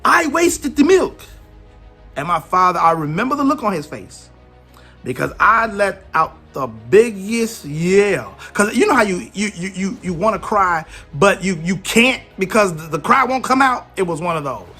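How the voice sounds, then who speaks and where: A man's voice: sits high, normal speed, slightly rough, soft background music. A man in his forties giving an emphatic motivational talk on parenting, telling stories from his own life. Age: 40s. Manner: emphatic, animated storytelling. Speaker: parenting speaker.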